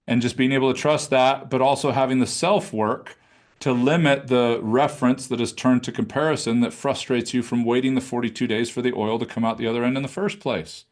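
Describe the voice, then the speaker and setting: A man coaching a live online class, talking conversationally and demonstrating how to ask questions in a low throaty voice. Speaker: business coach. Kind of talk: live webinar teaching. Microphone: video call.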